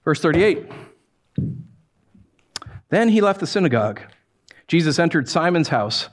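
A man preaching a conversational sermon, animated and acting out voices as he tells the story. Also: a little high, measured pace. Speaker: pastor.

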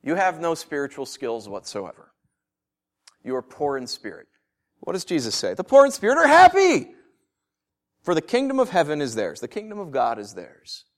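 Male preacher, high, very expressive pitch; dramatic sermon delivery with rhetorical questions. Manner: animated, rhetorical questions, swings from quiet to loud.

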